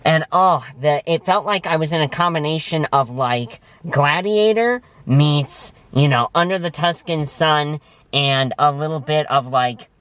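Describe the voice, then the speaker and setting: A man's voice: on the high side, moderate pace, a bit bright, clean tone, no echo. A man hosting a casual food review vlog from inside a parked car, talking in an emphatic, gushing way with dramatic word choices. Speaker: vlog host. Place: parked vehicle.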